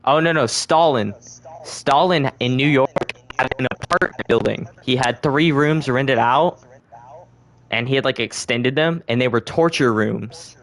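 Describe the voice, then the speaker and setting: A man's voice: mid-range voice, measured pace, fairly bright tone. A young man talks loosely through his podcast in an ordinary mid-range voice. He rambles and swears freely. He catches his own slips and corrects them as he goes. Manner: rambling, profane, self-correcting. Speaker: podcast host. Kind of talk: casual conspiracy chat.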